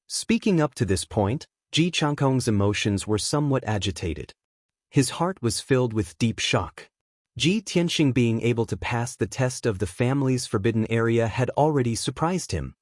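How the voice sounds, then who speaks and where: A man narrating an audiobook in a steady, even manner. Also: mid-range voice, normal speed, no echo, clean studio sound. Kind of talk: scripted narration.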